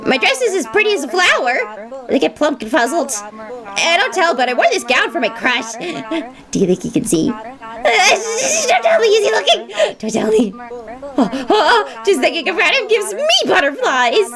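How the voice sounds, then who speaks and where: A woman's voice: high voice, big pitch swings, moderate pace, crowd noise. A woman voicing a bashful, lovestruck girl in a flowery gown from a video game, gushing about her crush. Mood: giddy.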